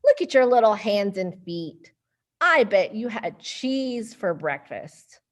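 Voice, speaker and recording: A gruff, doubting storybook animal who waves off every claim, firm and dismissive, as a woman reads it aloud. The voice drops lower and speaks slowly and flatly. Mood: scoffing. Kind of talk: storybook reading.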